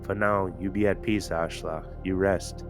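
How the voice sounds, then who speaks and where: A man voicing a gentle, compassionate woman who speaks in a hushed, soothing way with a lilting upward lift on her vowels. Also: deep voice, fairly even intonation, unhurried, over music. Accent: lilting, heavy upward inflection on vowels.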